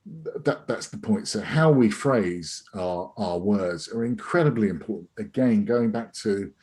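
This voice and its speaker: A man's voice: lowish voice, animated, measured pace, darkish tone, husky. A middle-aged man teaching a sales masterclass over a video call, rambling with many restarts and fillers. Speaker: sales trainer.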